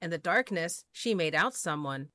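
A woman reading children's picture books aloud in an expressive, sing-song way. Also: lowish voice, normal speed, dry recording. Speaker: storyteller.

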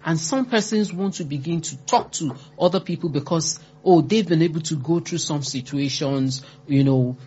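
In a low, dark, husky voice, a grief-support speaker offers heartfelt, forceful advice on comforting the bereaved, stressing words through repetition and acting out quoted lines. The lo-fi recording sounds dull.

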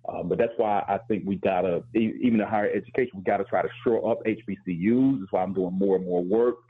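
A man's voice: sits low, fast talker, slightly rough. A man hosting a radio talk show, reflective and candid, often stammering as he starts a thought. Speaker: host. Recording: phone-like lo-fi line.

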